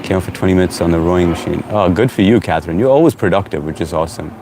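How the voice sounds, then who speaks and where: Talking very fast in a low voice, a man runs a laid-back home live stream, reading out viewer comments and saying hello to each commenter by name. His manner is loose and chatty, and faint noise hums beneath his voice.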